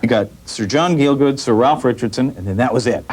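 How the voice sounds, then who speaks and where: A man's voice: medium pitch, brisk, a little mellow. A male comedian joking dryly in an interview. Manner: dry joking, mock outrage. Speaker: comedian guest. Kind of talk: interview chat.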